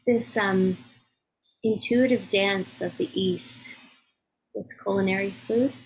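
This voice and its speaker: A woman's voice: mid-range voice, steady tone, a little slow, slight background noise, poor audio. A woman co-hosting a podcast in casual conversation, responding in a reflective, affirming way. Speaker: podcast co-host.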